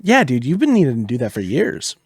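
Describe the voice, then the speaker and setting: Dude cohost on a gaming podcast, pitch all over the place, cussing thru stories, dry mic. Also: male voice, a little fast, gravelly, slightly rough, no echo. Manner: animated storyteller, swears casually. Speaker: podcast co-host. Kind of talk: casual gaming podcast chat.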